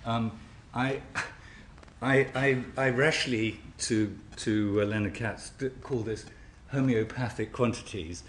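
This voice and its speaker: A man delivers an academic lecture at an ordinary, middle pitch. His speech stops and restarts often, with repeated small words and a dry wit. The talk is captured in an echoey hall with a faint background hum. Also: slow, a bit bright. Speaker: scientist giving a symposium talk.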